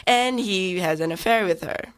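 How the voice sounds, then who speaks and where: A woman's voice: mid-range voice, normal speed. A woman co-hosting a casual film review chat, retelling plots in a rambling way and laughing often.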